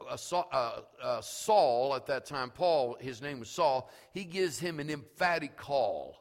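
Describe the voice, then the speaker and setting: A male pastor preaching fervently, repeating himself and swinging between hushed words and shouts. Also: mid-range voice. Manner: fervent, repetitive preaching with many restarts. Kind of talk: sermon. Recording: long reverb of a big hall.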